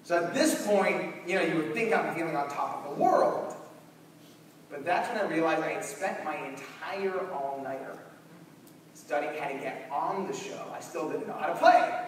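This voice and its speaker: A young man giving a storytelling keynote in a large conference hall, animated and acting out scenes. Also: on the high side, normal speed, slight background noise. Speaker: keynote speaker. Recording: echoey hall from far off.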